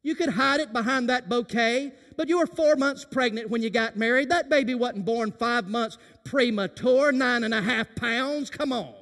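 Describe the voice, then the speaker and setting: A man preaching a sermon as senior pastor, swinging from hushed tones to impassioned shouting. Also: very high voice, normal speed, few pauses. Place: church sanctuary during worship service. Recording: reverberant church sanctuary.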